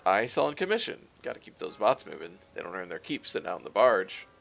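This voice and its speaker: A man voices a wild-eyed, jittery drone dealer who gushes and fawns. His low voice swings widely in pitch and carries a thick gravelly rasp. Soft game music plays behind him. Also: very animated, fast, exaggerated voice. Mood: eager. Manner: eager, fawning, stilted.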